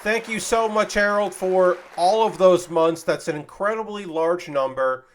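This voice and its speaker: A man's voice: high voice, unhurried, slight background noise. A man chatting casually on a livestream while building a model kit, thanking viewers by name and joking to himself. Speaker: streamer building model kits.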